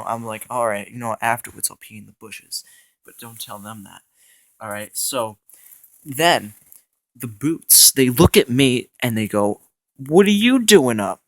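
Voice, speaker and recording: A man's voice: medium pitch, fairly bright tone, no echo. A young man rambling through an improvised comic story, stammering and saying "you know" constantly, with mock-tough mob-boss bluster, in a room at home. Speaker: comedy vlogger. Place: indoor home room with carpet.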